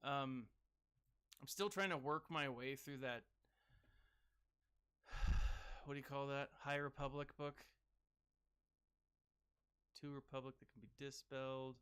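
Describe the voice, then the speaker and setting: A man giving casual gaming commentary as a streamer, chatting with viewers and breaking into sudden excited whoops. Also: mid-range voice, slow pace, pauses often, smooth. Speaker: game streamer reading live chat.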